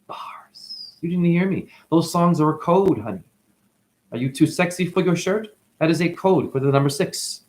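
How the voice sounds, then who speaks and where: A man giving a free-flowing spiritual monologue on his channel. He talks animatedly, calls the listener honey, and swings between loud bursts and whispers. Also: moderate pace. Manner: animated, sudden jumps in pitch and loudness. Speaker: spiritual vlogger.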